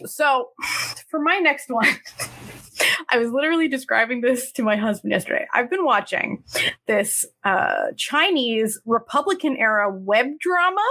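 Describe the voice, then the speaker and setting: A woman's voice: fairly high pitch, unhurried. A woman co-hosting a podcast, casually and animatedly retelling a drama plot. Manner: animated storytelling, acting out characters' lines. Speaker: podcast co-host. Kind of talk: casual chat.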